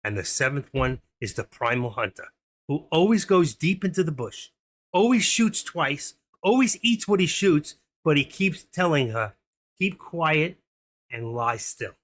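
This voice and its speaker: A man's voice: on the high side, very animated, moderate pace. A middle-aged man hosting a live stream, chatting casually and telling jokes in a rambling way, laughing at his own punchlines.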